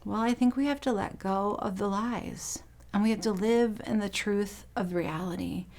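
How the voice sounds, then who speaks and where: A woman's voice: mid-range voice, normal speed, darkish tone, a little hiss or hum. A middle-aged woman pastor giving a sermon, telling personal stories in an earnest way.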